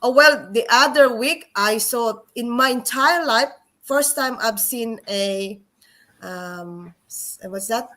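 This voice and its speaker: Woman, lively storyteller, slightly high voice, video call chat. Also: slow pace. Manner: animated, acts out quoted voices, non-native English. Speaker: co-host.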